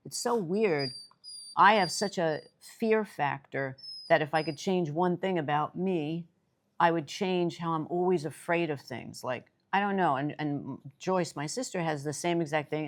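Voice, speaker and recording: An older woman from New York City, co-hosting a casual chat and telling stories with lively, rising excitement. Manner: animated storyteller, voice jumps high when excited. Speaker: co-host.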